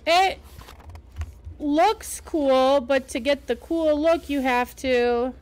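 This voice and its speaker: A woman reads a picture book aloud at an unhurried pace, stopping to explain what the pictures show. Her voice is on the higher side. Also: a little mellow. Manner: explaining to young listeners. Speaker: storyteller.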